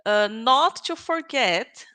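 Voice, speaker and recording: A woman's voice: on the high side, animated, slow pace, bright, forceful tone, poor audio. A woman whose first language is Portuguese teaching a live online English grammar lesson, patient and often checking in with "okay?" and "right?".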